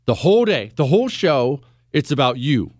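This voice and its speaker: A man's voice: mid-range voice, very animated, moderate pace, a little mellow, no echo. Man, talk radio host, sarcastic jokes, bouncy intonation, studio mic. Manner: joking, sarcastic asides. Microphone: studio microphone.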